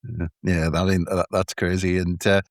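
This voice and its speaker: A man hosting a podcast, asking questions in a relaxed, chatty way with jokey asides. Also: low voice, normal speed, no echo, studio quality. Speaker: podcast host. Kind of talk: casual interview chat.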